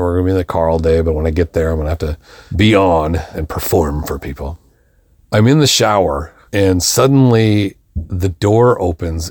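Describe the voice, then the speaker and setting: Middle-aged male podcast host, low voice, dry close sound, animated storyteller. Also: no echo. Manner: animated, acts out quoted dialogue in a raised voice. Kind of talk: casual storytelling.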